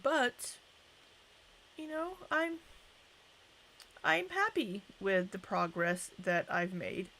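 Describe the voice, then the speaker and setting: Woman, unhurried, gravelly voice, chatty livestream host. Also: mid-range voice, steady tone, bright, forceful tone, a little hiss or hum. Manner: chatty, greets viewers by name. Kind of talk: casual livestream chat.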